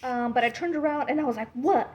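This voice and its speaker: A woman's voice: sits high, fast, low-quality recording. A young woman vlogger telling a personal ghost story in a casual, rambling way, full of "like" fillers and swearing. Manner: animated, rambling, lots of "like" fillers, swears freely.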